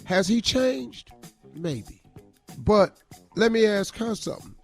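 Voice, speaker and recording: Emphatic high-voiced male radio host. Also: lively intonation, takes it slowly, gravelly, faint music behind. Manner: emphatic, blunt advice. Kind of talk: radio morning show talk.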